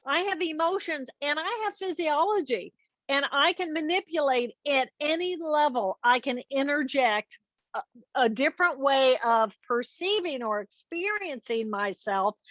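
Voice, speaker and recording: Woman interview guest, high and crisp, dull lo-fi call audio, teacherly and earnest. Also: lively intonation, measured pace, a bit bright, no room sound. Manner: earnest, teaching with step-by-step examples. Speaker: guest expert, neuroanatomist. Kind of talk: explanatory interview talk.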